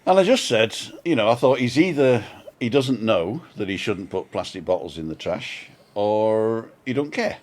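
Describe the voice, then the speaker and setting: A man's voice: lowish voice, animated, normal speed, a little mellow. An older man co-hosting a casual live-stream vlog chat, rambling through stories with chuckles and self-mocking asides. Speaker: vlog co-host. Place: home balcony.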